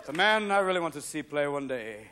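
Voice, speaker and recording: Male stand-up comic, thirties, high bright voice, faint hiss on the stage mic. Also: a little fast. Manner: animated, jumping into mock voices and impressions. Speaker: stand-up comedian. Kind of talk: stand-up comedy set. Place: theater stage before a live audience.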